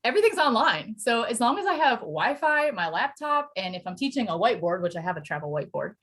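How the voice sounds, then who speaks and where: A woman from Pennsylvania, a Spanish teacher, chatting as a podcast guest and telling lively stories with quoted voices. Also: fairly high pitch, fast, few pauses. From Pennsylvania, USA. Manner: animated storytelling with acted quotes and laughter. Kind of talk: casual interview chat.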